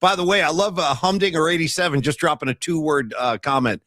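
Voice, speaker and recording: Animated high-voiced male sports podcaster. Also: fast, no echo, studio quality. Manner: animated, reads viewer comments aloud. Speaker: podcast co-host. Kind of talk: casual sports chat on a livestream.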